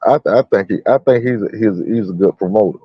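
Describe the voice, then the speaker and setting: A man's voice: fairly low pitch, fast, slightly rough, no echo, lo-fi sound. A man in casual boxing chat, laid-back, slangy and opinionated.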